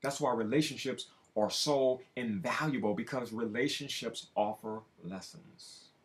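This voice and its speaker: A man giving a preachy self-help monologue, with slow drawn-out phrases that rise suddenly into loud emphasis. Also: mid-range voice. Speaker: spiritual self-help speaker.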